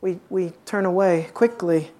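A woman preaching an expository sermon, asking her listeners rhetorical questions and dropping to a hushed tone for emphasis. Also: fairly low pitch, unhurried.

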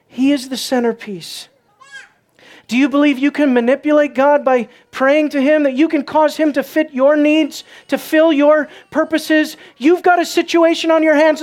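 Woman preaching, high voice, gets loud and fired up then drops way down soft. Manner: impassioned, rising to loud emphatic peaks then dropping low and soft. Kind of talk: sermon.

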